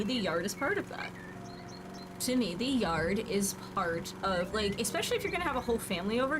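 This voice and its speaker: A woman's voice: fairly high pitch, background noise. A woman in her thirties streaming a building game, chatting casually and thinking aloud with playful asides. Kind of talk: casual gameplay commentary.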